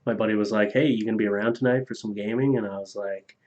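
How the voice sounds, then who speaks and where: A man reads viewer donations aloud on a relaxed live stream, talking loosely and profanely and laughing at his own jokes. His voice is fairly low and fast with few pauses, and the stream audio sounds a bit dull and lo-fi.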